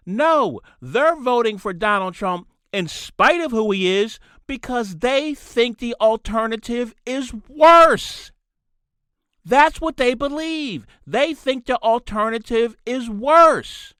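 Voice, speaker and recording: Animated man ranting on his podcast. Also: high-pitched, unhurried, smooth, no echo, studio quality. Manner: ranting, repeats points for emphasis. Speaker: podcast host. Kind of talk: solo political commentary.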